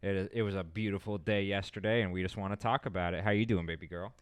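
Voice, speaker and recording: A man's voice: deep voice, fairly even intonation, quick pace, clear, resonant tone, no echo. Upbeat man co-hosting a casual show. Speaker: co-host. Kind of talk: casual chat. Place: Los Angeles home.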